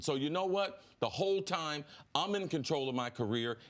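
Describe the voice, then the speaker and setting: A middle-aged man holding forth on a sports debate show, emphatic and preaching about commitment. His voice sits a little high and leaps around as he presses his point, building to forceful peaks. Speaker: sports analyst.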